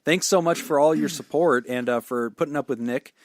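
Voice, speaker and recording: A man's voice: on the high side, fairly quick, dry recording, clean studio sound. A man in his thirties co-hosting a podcast in casual chat, joking and laughing often. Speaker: podcast co-host.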